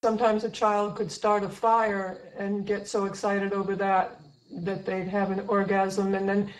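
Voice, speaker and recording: Woman briskly reading questions in an echoey room. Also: medium pitch, completely flat delivery. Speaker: co-host reading audience questions.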